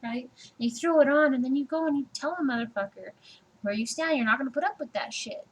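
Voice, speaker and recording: A woman's voice: high voice, quick pace, slightly rough, rough recording. A woman giving a casual personal tarot reading, chatty and laughing, swearing freely and acting out little scenes. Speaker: tarot reader.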